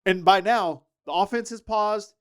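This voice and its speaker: A man telling lively stories as a podcast guest, acting out the people he quotes. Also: sits high, a little slow, clean tone. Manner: animated storyteller, acts out quoted voices. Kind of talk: casual storytelling chat.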